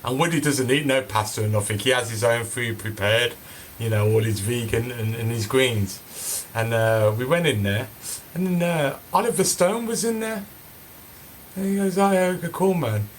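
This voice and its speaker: A man, speaking at an ordinary middle pitch. He tells a story in a casual, meandering way, with plenty of "uh" and "like", and faint background ambience. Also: moderate pace, a little hiss or hum. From Birmingham, England. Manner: rambling, many fillers and restarts, excited. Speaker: cannabis seed breeder telling a story.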